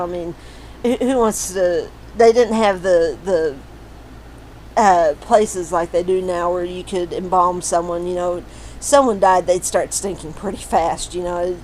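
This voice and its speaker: A woman talks unhurriedly through her family tree, thinking aloud with frequent ums and restarts. Her pitch sits in a middle range for a woman. A faint noise hums under the recording. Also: darkish tone, poor audio. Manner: rambling, many fillers and restarts. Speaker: family history vlogger. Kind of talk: casual screen-share walkthrough.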